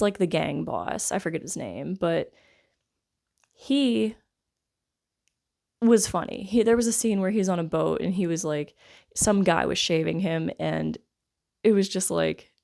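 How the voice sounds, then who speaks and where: Low, gravelly-voiced woman reviewing a movie. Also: slow pace, long pauses, darkish tone. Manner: rambling and wry, full of "like" and "I guess". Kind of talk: casual spoken film review.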